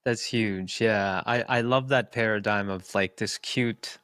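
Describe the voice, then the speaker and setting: A man's voice: on the low side, unhurried, a bit bright, clean tone, no echo, studio quality. A man co-hosting a podcast, speaking earnestly and reflectively, repeating words for emphasis. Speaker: podcast co-host. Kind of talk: reflective casual conversation.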